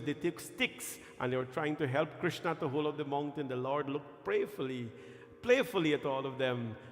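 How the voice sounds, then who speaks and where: A man, a temple pandit giving a sermon and chanting Sanskrit verses with growing fervor. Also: medium pitch. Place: temple hall. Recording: echoey temple hall with music.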